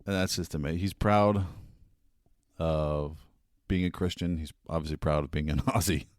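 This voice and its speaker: Low-voiced earnest male podcast host. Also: steady tone, normal speed, no room sound, studio quality. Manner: earnest, with fillers and some laughs. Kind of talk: casual commentary.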